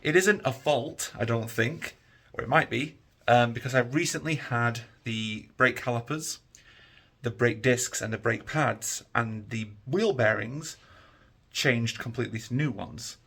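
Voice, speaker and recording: Tired dude rambling on his vlog, gravelly low-key voice. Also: unhurried, fairly bright tone. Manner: rambling, easygoing, many fillers. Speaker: vlogger. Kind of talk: casual vlog chat to camera.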